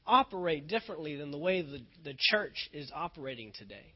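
Emphatic high-voiced man preaching. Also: expressive, a little fast, slightly rough. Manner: earnest, emphatic preaching with repetition. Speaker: pastor. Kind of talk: sermon. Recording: dull lo-fi recording.

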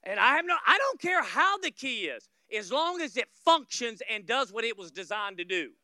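A man from Florida preaches as a guest pastor in a very bright, piercing voice. His sound is dry and close, with no room around it. He tells stories, acts out little scenes, jokes with the congregation and climbs to loud peaks. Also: very high-pitched, very animated, moderate pace, no room sound. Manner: humorous asides to the congregation. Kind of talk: sermon.

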